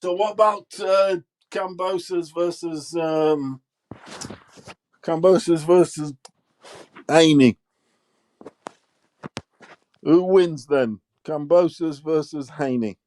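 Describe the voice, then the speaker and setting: A man's voice: on the high side, takes it slowly, long pauses, darkish tone. A man co-hosting a casual boxing chat, speaking emphatically and closing his points with tag phrases. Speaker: boxing podcast co-host.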